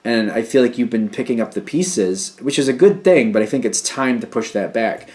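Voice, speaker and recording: A man's voice: mid-range voice, normal speed, a little mellow. A man giving a casual tarot reading, rambling through hunches and talk of energies. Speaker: tarot reader.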